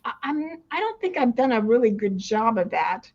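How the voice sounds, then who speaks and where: A woman's voice: on the high side, big pitch swings, moderate pace, a little mellow. An older woman, a retirement coach, talking casually in an interview, rambling with many restarts and frequent laughs. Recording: dull lo-fi sound.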